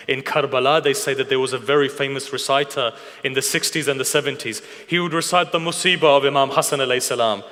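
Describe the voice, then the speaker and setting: A man's voice: mid-range voice, brisk, bright, forceful tone, in a large hall. A man delivering a mourning sermon at a religious gathering, telling the story with passion and asking the listeners questions. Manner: impassioned storytelling, asks the audience questions. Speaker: majlis speaker.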